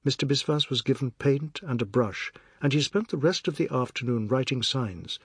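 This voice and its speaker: Husky male audiobook narrator. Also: mid-range voice, lively intonation, no echo, clean studio sound. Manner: measured, descriptive reading.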